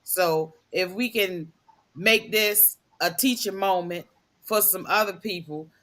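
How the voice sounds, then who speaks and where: A woman panelist on a live podcast making an earnest, measured appeal to the listeners. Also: on the low side, pushed and bright.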